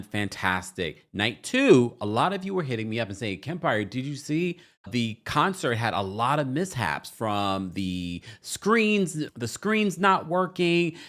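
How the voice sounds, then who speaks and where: Man doing pop culture news commentary, very animated pitch, punchy.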